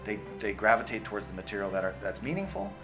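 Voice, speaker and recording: A filmmaker being interviewed about his film talks fast in a lowish, sing-song voice over music. He answers reflectively, full of fillers and restarts.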